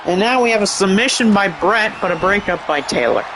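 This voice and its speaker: A man giving excited, rambling play-by-play commentary over a wrestling game, with chatty asides. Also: high-pitched, brisk, slight background noise, rough recording.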